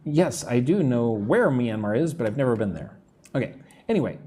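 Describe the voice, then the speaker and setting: An American man from the United States teaches English on a live stream, speaking slowly and clearly, repeating words for practice and greeting viewers in the chat. His medium-pitched voice is mellow and sing-song.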